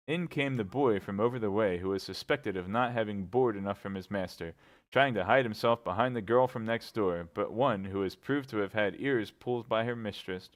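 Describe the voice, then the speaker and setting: A man reading a classic novel aloud in a relaxed, amused, animated way. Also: fairly low pitch. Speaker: reader.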